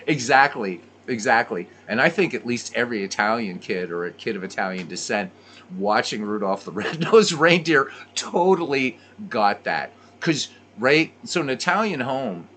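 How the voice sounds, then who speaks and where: A man chatting casually on a stream, telling rambling, animated stories. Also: medium pitch, a little hiss or hum. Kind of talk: casual chat while playing.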